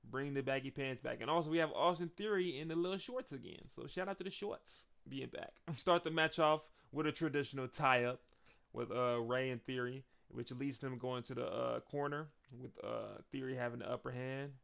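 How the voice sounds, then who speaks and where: Hosting a casual wrestling recap, a man with a gravelly, middling-pitched voice chats loosely at normal speed and laughs often between points. His tone is fairly bright.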